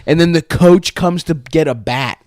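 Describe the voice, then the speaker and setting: A man's voice: a little high, normal speed, darkish tone, no echo, studio quality. A young man on a podcast telling a long story in a casual, rambling, profane way, often restarting his sentences. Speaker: podcast co-host.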